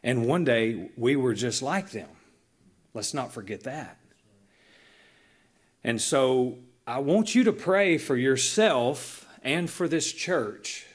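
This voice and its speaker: A man's voice: mid-range voice, slow, slightly rough. A man preaching a sermon as pastor, telling stories with emphatic, shifting delivery. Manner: animated storytelling with emphatic dynamic shifts.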